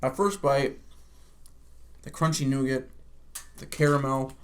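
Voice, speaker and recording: A man's voice: mid-range voice, little pitch movement, measured pace, slight background noise. A young man co-hosting a casual comedy chat in an upbeat way, leading into segments like an announcer. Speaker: co-host.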